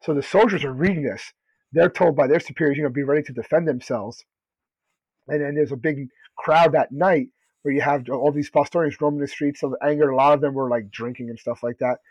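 A man's voice: fairly high pitch, steady tone, a little fast, a little mellow, dry recording. A man co-hosting a podcast in casual chat, loose and rambling with lots of "like". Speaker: podcast co-host. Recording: dull lo-fi recording.

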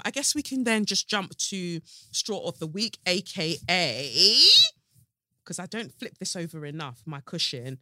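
Animated woman, bright and dry. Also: on the low side, no echo. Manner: animated, emphatic, sassy. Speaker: podcast host. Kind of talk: casual commentary monologue. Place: home sofa.

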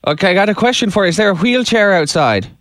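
A man's voice: sits high, animated, fast, fairly bright tone, no echo, clean studio sound, pitched above the performer's own voice. A man putting on an Irish accent, playing a rambling prank caller searching for a relative. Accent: put-on Irish. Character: fake Irish man hunting his brother-in-law.

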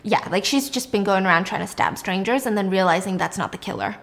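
A woman casually recapping a show, animated and acting out the quotes, with some swearing. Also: mid-range voice, fast talker, gravelly. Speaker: podcast host recapping a show.

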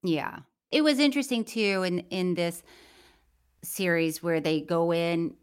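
A woman's voice: lowish voice, measured pace, smooth. A woman co-hosting a podcast, chatting casually in a bubbly way and laughing often. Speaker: podcast co-host. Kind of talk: casual chat.

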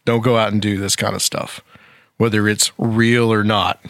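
Rambling low-voiced male podcast host. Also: level tone, normal speed, a bit bright, no echo, clean studio sound. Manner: rambling, conversational, frequent fillers. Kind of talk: casual talk show discussion.

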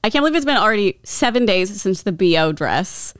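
A woman's voice: mid-range voice, very animated, fairly quick, smooth, no room sound, clean studio sound. A woman co-hosting a podcast, chatty and giggly, playfully trying out jokes. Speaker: podcast co-host. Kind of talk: casual chat.

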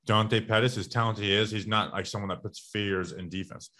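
Low-voiced man talking football. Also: a little fast, hardly any pauses. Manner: rambling, restarts often, energetic about stats. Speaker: podcast co-host. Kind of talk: casual sports talk.

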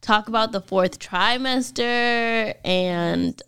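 A woman's voice: on the high side, slow, a bit bright, clean tone. A woman co-hosting a casual podcast, chatty and laughing often as she tells a story. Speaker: podcast co-host. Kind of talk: casual chat.

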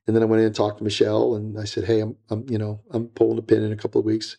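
His lowish, mellow voice has vocal fry and a completely flat delivery, and he talks very fast. As a guest in a casual interview, this retired DEA agent rambles, repeats himself, speaks bluntly, and acts out other people's lines.

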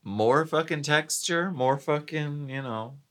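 A man's voice: fairly high pitch, slow pace, fairly bright tone. A man co-hosting a chatty podcast in a campy way, drawing out words and using many fillers. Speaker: podcast co-host. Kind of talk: casual chat.

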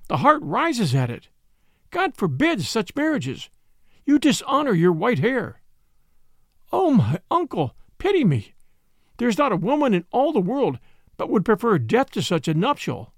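A man's voice: high-pitched, huge pitch swings, a little slow, no echo, studio quality, pitched above the performer's own voice, full character voice. A man voicing a distraught young noblewoman in an audiobook, pleading and tremulous. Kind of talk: audiobook character reading.

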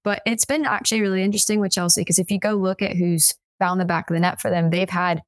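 A woman panelist on a football podcast, talking in a relaxed, conversational way with informal fillers. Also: medium pitch, fast talker, no room sound. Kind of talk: casual chat.

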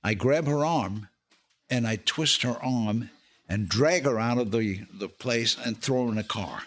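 On a podcast, an older male actor and comedian casually tells stories from show business and laughs his way through the punchlines. He speaks in an unhurried, medium-pitched voice.

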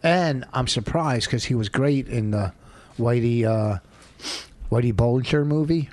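A man's voice: mid-range voice, measured pace, darkish tone, dry recording. A middle-aged man co-hosting a podcast, needling his co-host in blunt, dry banter. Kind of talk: casual banter.

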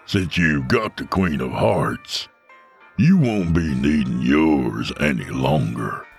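A man voicing a menacing gunslinger killer with a gravelly voice. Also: a bass voice, expressive, takes it slowly, faint music behind, full character voice. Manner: threatening, snarling.

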